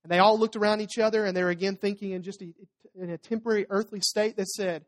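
A man's voice: high voice, fairly even intonation, quick pace, hardly any pauses. Conversational man preaching a sermon. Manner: conversational, rhetorical tag questions, playful asides. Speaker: pastor. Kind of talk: expository sermon.

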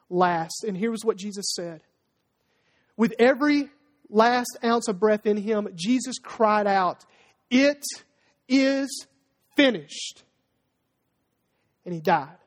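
A preacher in full sermon mode, leaning hard on key words and tossing rhetorical questions to the congregation. The voice sits at a middling pitch. A long reverb hangs behind every phrase. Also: unhurried. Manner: emphatic, rhetorical call-and-response questions.

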